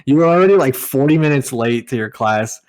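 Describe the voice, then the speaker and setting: A man's voice: medium pitch, animated, a little fast, darkish tone, clear, resonant tone. Chatty male co-host, casual podcast banter, medium voice. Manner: chatty, full of fillers and laughs. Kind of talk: casual chat.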